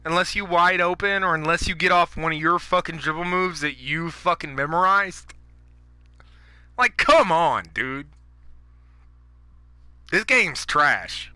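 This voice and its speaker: A man's voice: fairly high pitch, animated, a little slow, pauses often, bright, forceful tone, clean tone, no room sound. A man ranting over gameplay, profane and fired up, going after other players' habits. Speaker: gaming YouTuber.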